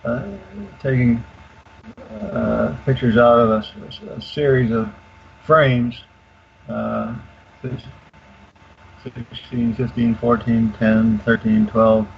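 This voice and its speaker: An older man explaining in detail as a radio guest, halting with many fillers and restarts. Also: mid-range voice, fairly even intonation, creaky. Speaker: guest expert. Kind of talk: casual explanation on a call-in radio show. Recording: dull lo-fi call audio with faint hiss.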